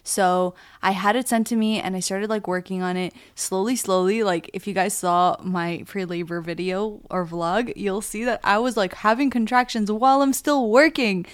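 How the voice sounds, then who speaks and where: A woman's voice: medium pitch, steady tone, moderate pace, few pauses, dry recording, studio quality. A young woman vlogger and new mother, telling a story in casual chat, laughing often. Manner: chatty, laughs often, many "like"s.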